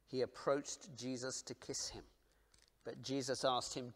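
A man preaching a sermon, earnest and dramatic, dropping to hushed near-whispers and then rising to loud emphasis, asking his listeners direct questions. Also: medium pitch, flat delivery, unhurried.

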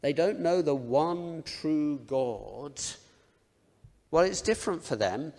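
Man giving a sermon, chatty and self-mocking, lots of "isn't it?" questions, gravelly voice a bit high, big echoey hall. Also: lively intonation, slow, a little mellow. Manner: conversational, self-deprecating, asks rhetorical questions. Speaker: preacher. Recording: long reverb of a large hall.

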